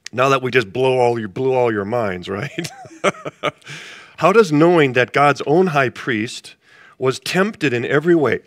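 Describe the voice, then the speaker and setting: A man's voice: mid-range voice, creaky, fairly bright tone, dry recording, studio quality. A male pastor leading a casual Bible study, talking conversationally and asking the group questions.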